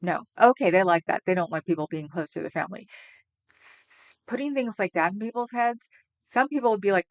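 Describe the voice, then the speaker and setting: A woman's voice: mid-range voice, fairly quick, gravelly. A woman in her fifties hosting a livestream at home, chatting in a rambling, casual way and laughing often. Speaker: livestream host.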